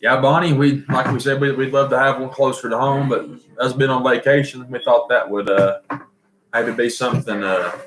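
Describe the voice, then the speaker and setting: A man's voice: mid-range voice, steady tone, normal speed, background noise. Folksy Southern male livestream host, echoey room. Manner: folksy, rambling, reads viewer comments aloud. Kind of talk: casual livestream chat.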